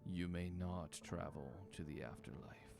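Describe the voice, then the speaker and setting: Man playing solemn ancient ferryman, slow formal delivery, low gravelly voice, music behind. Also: darkish tone.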